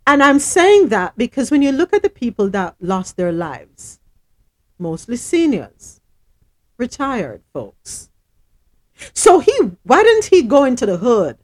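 Emphatic woman host, lively pitch. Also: takes it slowly. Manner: emphatic, repetitive, indignant. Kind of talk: heated discussion.

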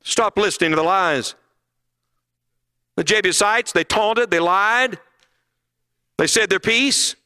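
A middle-aged man preaches a sermon at a conference in a high, pushed, bright voice, speaking slowly with frequent pauses. His delivery is emphatic and packed with rhetorical questions.

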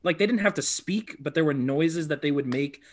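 A man co-hosting a podcast in casual chat, talking in animated bursts and often restarting his sentences. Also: a little high, normal speed. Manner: animated, restarts sentences, puts on quoted voices. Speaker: podcast co-host.

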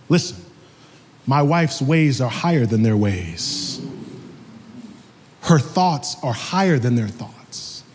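A young man preaching a sermon with comic storytelling, lively and animated. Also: a little high, slight background noise. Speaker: pastor. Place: church sanctuary. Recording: echoey hall.

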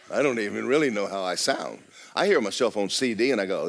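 A middle-aged man delivers a sermon in a church, his voice sitting on the low side. He preaches loudly and with life, then suddenly drops to a near whisper. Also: fast, creaky. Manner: loud, lively preaching with sudden drops to a hush. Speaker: pastor.

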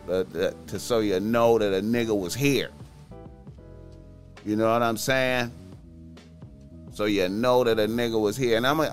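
Man, solo podcast, slow drawl, profane, boastful, faint music behind. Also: lowish voice. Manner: slow, profane, boastful, calls himself by nickname in third person. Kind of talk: casual solo podcast monologue.

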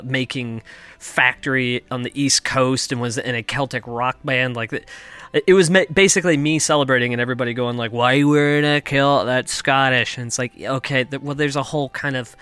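A man's voice: mid-range voice, pushed and bright. A young adult man from Kansas hosting a comedy podcast from his basement, rambling through a profane, self-mocking monologue. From United States (Kansas). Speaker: podcast host. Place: home basement.

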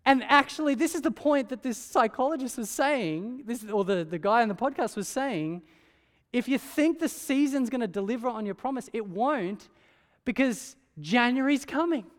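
A man's voice: very high-pitched, expressive, moderate pace. A man preaching a sermon in a conversational way, often asking rhetorical questions. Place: church hall. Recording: long church-hall reverb.

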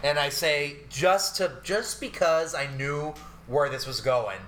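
A man co-hosting a podcast, telling stories in a loose, profane, animated way. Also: fairly high pitch, slow. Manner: profane, animated ranting storyteller. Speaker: podcast co-host. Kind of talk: casual chat. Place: New York.

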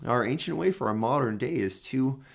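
A man preaching a sermon, emphatic and repetitive, building his phrases up and then dropping low. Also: expressive, a little fast, vocal fry.

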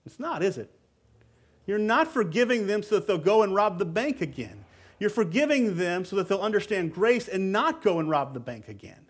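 A man's voice: sits high, sing-song, moderate pace, slightly rough. A man preaching a sermon as pastor, in a conversational but emphatic way, often repeating words as he presses a point.

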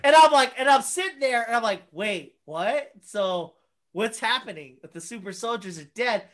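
A woman in casual conversation, talking excitedly with lots of filler words and swearing. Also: on the high side, a little fast. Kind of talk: casual chat about a movie.

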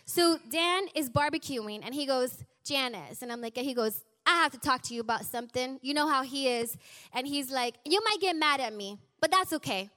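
A woman in her forties telling a personal testimony to a church congregation, animated and acting out the people she quotes. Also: high voice, normal speed. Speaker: church speaker sharing a testimony.

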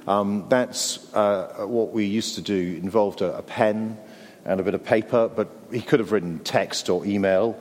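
A man's voice: lowish voice, steady tone, measured pace, darkish tone, big-room sound. A middle-aged Englishman preaching a sermon in a conversational way with wry asides.

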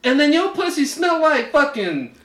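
A man co-hosting a podcast, telling a profane story in animated casual chat and hammering his punchlines. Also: extremely high pitch, moderate pace, reverberant. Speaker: podcast co-host.

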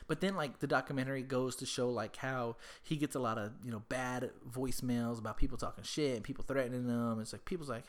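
A man's voice: medium pitch, fairly quick. A man from Texas telling a loose, rambling story about his daughter and swearing freely. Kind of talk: casual storytelling.

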